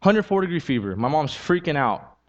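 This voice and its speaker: A man's voice: fairly high pitch, sing-song, fairly quick, highs cut off. A man preaching a sermon with a personal testimony, talking earnestly and conversationally, repeating key lines and building to emphatic peaks.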